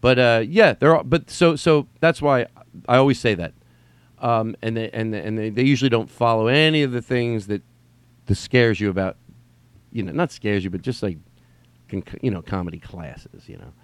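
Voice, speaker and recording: A man talks alone into a podcast mic at home, rambling loosely and cursing freely. His voice sits at an ordinary middle pitch. The sound is close and dry, with no room echo at all. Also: normal speed, smooth. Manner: rambling, profane, restarts sentences often. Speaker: podcast host. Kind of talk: rambling solo podcast chat. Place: at home during quarantine.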